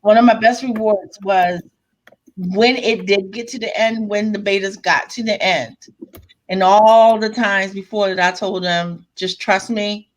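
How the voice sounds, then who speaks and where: A woman author chatting on a video call with fellow writers. She tells stories with animated energy and plenty of profanity, acting out how her readers reacted. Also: mid-range voice, measured pace. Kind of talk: casual group chat.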